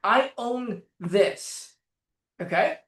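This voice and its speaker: A man's voice: high-pitched, lively intonation, very slow, fairly bright tone, echoey room. A man coaching viewers through anxiety and panic on a live stream, blunt, casual and emphatic, with the odd swear word.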